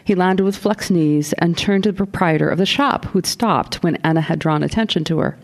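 A woman author reading her novel aloud to an audience, then taking questions with relaxed, self-deprecating asides. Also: lowish voice, fairly quick.

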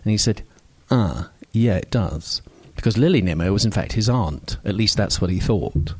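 At a stage microphone, a wry older man from Scotland with received pronunciation tells a personal story, wandering off-topic, poking fun at himself and using lots of fillers. His slightly rough voice is on the low side, expressive and moderately paced, with no room sound.

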